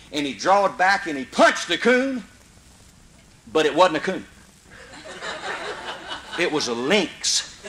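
A man with a Mississippi accent telling a folksy comic story, animated and prone to loud hollers. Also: sits high, poor audio. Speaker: comedian storyteller. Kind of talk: live comedy storytelling.

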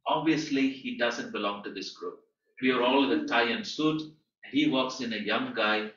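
A guest teacher tells a story to a class in a training school's teaching room, animated and bright, with a forceful tone. His voice jumps up for emphasis and drops low for quiet moments. The mic sits far away in a roomy, echoing space, so the sound comes out a little dull.

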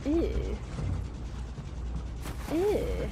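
A woman's voice: high voice, huge pitch swings, drawn-out words, gravelly, background noise. A woman giving casual gameplay commentary, exasperated and swearing, with slangy talk. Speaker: gaming streamer.

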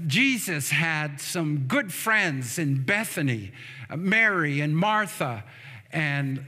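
Pastor, man, high ringing voice, slow deliberate preaching, calls for amens, long church echo. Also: pushed and bright. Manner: storytelling preacher, prompting amens. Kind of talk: funeral sermon. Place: church sanctuary. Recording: long church hall reverb.

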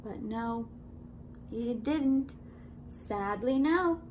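A woman teacher reads a fairy tale to young children. Her voice swoops lively up and down and moves at an unhurried pace, often dropping into a hushed near-whisper for suspense. The pitch sits slightly above average. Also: a little hiss or hum, rough recording. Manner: expressive, drawn-out storytelling with hushed asides. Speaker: preschool teacher. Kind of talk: reading a children's story aloud.

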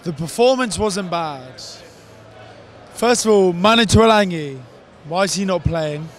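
Irate rugby fan ranting. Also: male voice, high voice, lively intonation, measured pace. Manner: irate, swearing, shouting. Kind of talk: vox pop rant. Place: outdoors outside a stadium.

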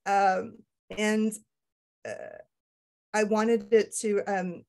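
A woman's voice: medium pitch, little pitch movement. A middle-aged woman author being interviewed. She talks casually and candidly, pokes fun at herself and often stops to restart her sentences. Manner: candid, self-deprecating, halting with restarts. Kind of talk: casual conversation.

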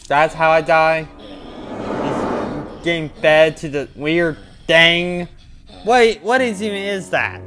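A man commentating his own horror game playthrough, muttering to himself between sudden panicked shouts. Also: on the high side, slow pace, music in the background. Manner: mutters to himself, then yelps and shouts when scared. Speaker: gaming channel host.

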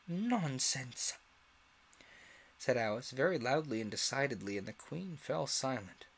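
A man reading a classic children's story aloud in an expressive way, with the odd slip. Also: mid-range voice, fairly quick, vocal fry, breathy edge. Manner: expressive, animated read-aloud with small slips. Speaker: storyteller, streamer.

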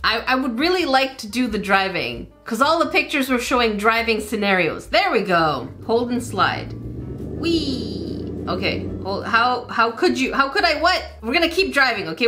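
A woman's voice: fairly high pitch, big pitch swings, normal speed, few pauses, bright, forceful tone, soft background music. A woman hosting a let's-play gaming video, chatty and often confused, talking to her viewers. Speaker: gaming channel host. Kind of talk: casual let's-play commentary. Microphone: desk microphone.

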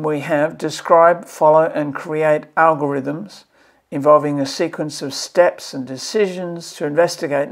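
A man, a maths educator, giving an emphatic and exasperated review of a curriculum draft in a video. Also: on the high side. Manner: passionate, emphatic, exasperated pleading.

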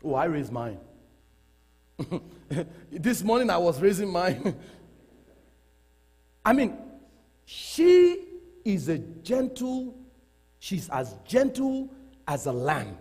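A middle-aged man preaching a sermon in a church hall. He talks in an animated way, laughs often and repeats phrases for emphasis. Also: high-pitched, extremely slow, pauses often, breathy edge. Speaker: pastor. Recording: long reverb of a large hall.

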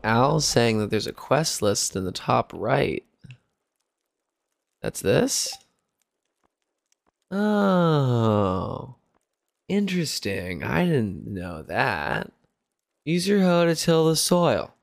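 Gravelly, jokey man streaming a game. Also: mid-range voice, sing-song, slow. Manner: jokey, swears often, thinks out loud. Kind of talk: casual Let's Play commentary.

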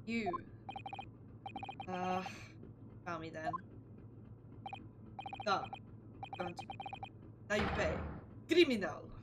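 A woman voicing a stern male ship interrogator with a mock Russian accent, gruff and accusing. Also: lowish voice, drawn-out words, pauses often, very noisy, voice pushed down.

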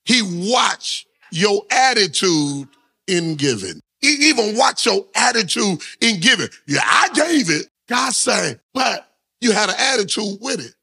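A man's voice: high voice, sing-song, measured pace, creaky, bright, forceful tone, slightly rough. A man preaching a sermon, with call-and-response lines he has the congregation repeat. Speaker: pastor.

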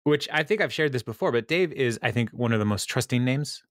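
A man's voice: medium pitch, animated, fairly quick, no room sound, studio quality. A man hosting a podcast, retelling a TV episode in casual chat, laughing often and acting out the quotes. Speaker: podcast host.

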